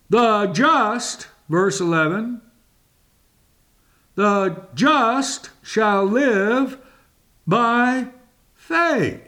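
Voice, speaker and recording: Male preacher, high voice, emphatic and deliberate sermon delivery. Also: pushed and bright.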